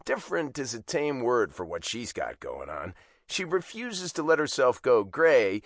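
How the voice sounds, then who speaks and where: A man narrating a first-person audiobook in a wry, expressive way, on a close studio mic. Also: on the low side, moderate pace, no room sound.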